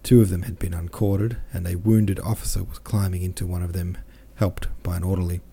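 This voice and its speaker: Reading a classic novel aloud, a male audiobook narrator speaks a little fast in a low, gravelly yet mellow voice with a breathy edge. His delivery is flat, though he shifts tone slightly for each character's lines.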